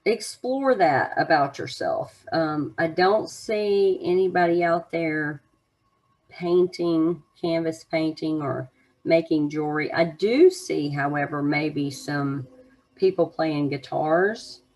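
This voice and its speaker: A woman's voice: deep voice, slow pace, darkish tone. A woman giving an unscripted oracle card reading to her viewers, musing in a meandering way with many fillers.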